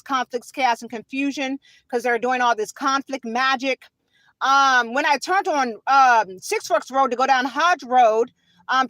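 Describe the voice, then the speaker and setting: High-voiced woman telling her story. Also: a bit bright, dry recording, low-quality recording. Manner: rambling, repeats "okay?" and "you know". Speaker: vlogger. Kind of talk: personal storytelling to camera.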